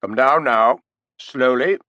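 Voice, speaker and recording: A man's voice: medium pitch, takes it slowly, sharp tone, no echo, dull audio. A man voicing a tough sergeant bodyguard who speaks in firm, clipped commands. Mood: commanding.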